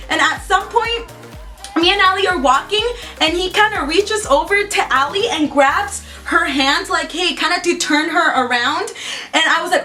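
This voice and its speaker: A young woman with a high, bright voice rattles through a storytime vlog. She swears freely and jumps into little impressions of everyone in the story, her delivery quick and animated. Soft music sits underneath. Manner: excitable, swears a lot, quotes herself and others in acted voices. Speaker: vlogger. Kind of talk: storytime vlog, casual retelling.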